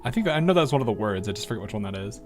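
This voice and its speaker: American streamer, lively swooping delivery, rambling chat, faint music behind. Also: male voice, on the low side, racing. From United States. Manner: rambling, laughs often, trails off into asides. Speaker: game streamer. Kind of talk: casual game commentary.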